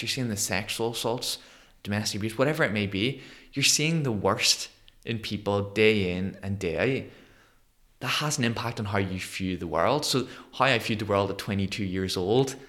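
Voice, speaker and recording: A man in his thirties from Northern Ireland with a Northern Irish accent, a podcast guest telling his story in an animated way and acting out the voices of people he quotes. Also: lowish voice. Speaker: guest, motivational speaker. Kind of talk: conversational storytelling interview.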